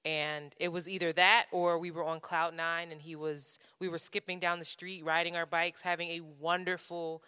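Low-voiced woman telling a frank story. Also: level tone, normal speed, few pauses, pushed and bright, clear, resonant tone, big-room sound. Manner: frank, profane, self-interrupting. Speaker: podcast co-host. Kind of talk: candid personal storytelling.

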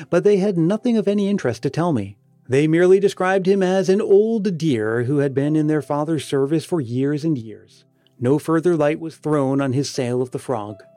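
Guy narrating an audiobook, kinda high-ish mellow voice, measured, faint music behind.

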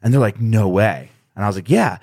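A man's voice: fairly low pitch, animated, a little fast, darkish tone, no room sound, studio quality. An American man, a podcast guest, chatting casually and telling self-deprecating stories with frequent laughter. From United States. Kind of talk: casual conversation.

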